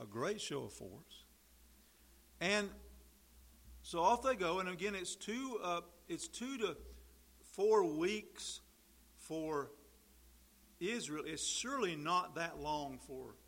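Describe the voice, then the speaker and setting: A pastor with a slightly high, somewhat bright voice delivers a sermon conversationally. While explaining the text, he acts out small quoted exchanges and throws in asides.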